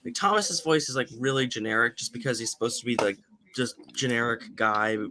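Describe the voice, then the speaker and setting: A man's voice: medium pitch, a little fast, sharp tone, slight background noise. A young man on a livestream, joking and rambling in casual chat. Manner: jokey, rambling, slips into silly voices. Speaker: friend on livestream.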